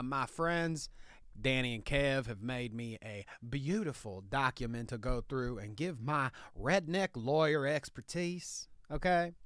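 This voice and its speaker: A man's voice: mid-range voice, a bit bright, clean tone, dry recording, studio quality. A man playing a boastful, folksy redneck lawyer in a comic monologue, with a put-on Southern drawl that slips in and out. He keeps tagging his sentences with "okay?".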